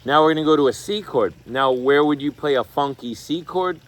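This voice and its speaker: Over a video call from his home studio, a man with a fairly high, fairly quick voice teaches an online guitar class. He's casual and chatty, scatting rhythms while he explains chords. Loud guitar playing sits under his voice on the call's microphone.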